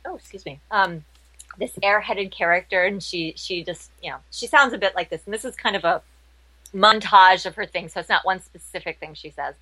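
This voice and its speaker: A woman's voice: medium pitch, brisk, pushed and bright, no room sound, rough recording. A woman guest chatting casually in an interview, bubbly and laughing often. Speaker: interview guest, model and impressionist.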